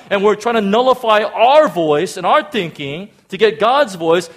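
Emphatic man preaching a sermon. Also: high-pitched. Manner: emphatic, repeats words, swings between loud and quiet. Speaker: pastor. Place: church in Hong Kong.

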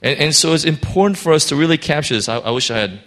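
A man's voice: fairly high pitch, fast, fairly bright tone. A man giving an informal Bible teaching, earnest, reading scripture aloud and often restarting his sentences. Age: adult parent of a school-age child.

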